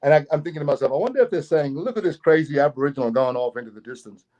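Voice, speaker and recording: A middle-aged Australian man with a slightly high voice, spinning a long anecdote as a guest. He laughs easily and slips into the voices of the people he meets along the way. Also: racing, dull audio. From Queensland, Australia. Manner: animated, laughing, acts out the people in his story. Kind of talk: casual storytelling.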